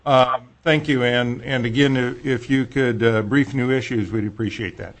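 Man chairing a hearing, polite, brisk, thanks folks and moves on. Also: mid-range voice, steady tone. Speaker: committee chair.

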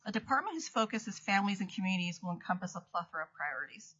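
A woman's voice: mid-range voice, very animated, rapid-fire, sharp tone, husky. A woman, an acting state commissioner, reading prepared testimony at a hearing and correcting small slips as she goes. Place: legislative hearing room. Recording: dull lo-fi hearing audio.

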